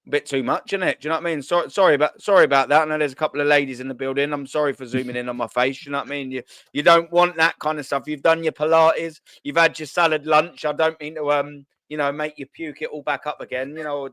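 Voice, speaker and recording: A man's voice: fairly high pitch, flat delivery, fast, hardly any pauses, fairly bright tone, clear, resonant tone, dry recording. A man hosting a casual football chat stream, rambling and cheeky, swearing freely. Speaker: host.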